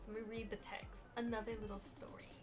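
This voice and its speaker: A woman narrating a comic storytime, animated and full of swearing, dropping to mumbles and then rising loud. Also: mid-range voice, a little fast, soft background music. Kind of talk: casual comedic storytime voice-over.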